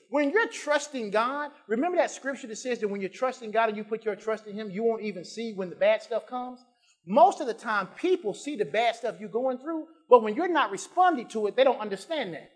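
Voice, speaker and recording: A male pastor preaching a sermon, dropping to quiet asides and rising to shouted emphasis, repeating phrases and drawing out scripture lines. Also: very high voice, expressive, fairly quick. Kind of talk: preaching a sermon with call-and-response.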